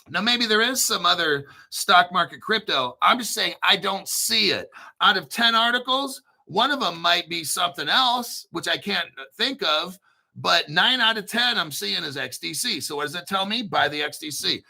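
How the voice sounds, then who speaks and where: A man's voice: high voice, creaky, pushed and bright. A man hosting a crypto livestream, talking in a blunt, profane, rambling way and reading viewer chat aloud. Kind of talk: casual livestream commentary.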